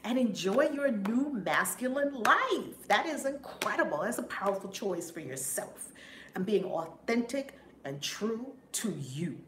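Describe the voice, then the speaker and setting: A woman reverend hosting a live stream, warmly greeting chat viewers one by one in an effusive, upbeat way. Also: on the high side, sing-song, a little slow. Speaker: reverend and spiritual teacher. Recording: roomy echo, faint background noise.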